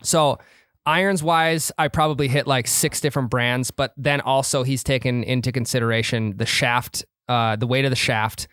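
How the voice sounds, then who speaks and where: Swearing, animated man. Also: medium pitch, moderate pace, clear, resonant tone, no echo, clean studio sound. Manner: animated, swears freely, storytelling. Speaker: podcast co-host. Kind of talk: casual golf chat.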